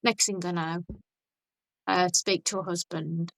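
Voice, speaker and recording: A woman guest on a podcast, chatting casually and telling stories in a blunt, animated way with frequent restarts. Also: fairly low pitch, moderate pace, no echo, poor audio. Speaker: podcast guest, vegan activist.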